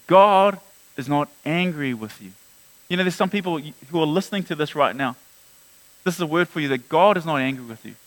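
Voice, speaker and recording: High-voiced preaching man. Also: fairly bright tone, low-quality recording. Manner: earnest preaching, rising and dropping, repeats words. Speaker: pastor. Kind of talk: sermon.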